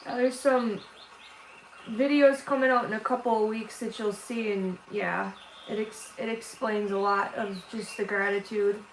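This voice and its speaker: A woman's voice: mid-range voice, steady tone. Tearful woman livestreaming in an echoey room. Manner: halting, emotional, with many restarts. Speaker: artist hosting a livestream. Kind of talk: casual livestream chat with viewers. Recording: roomy echo with faint background noise.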